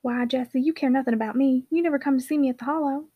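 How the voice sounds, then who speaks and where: Coaxing young gentleman, teasing and quick, read by a woman. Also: high voice, fairly even intonation, slightly rough, narrow, tinny audio. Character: brooding young male mill owner.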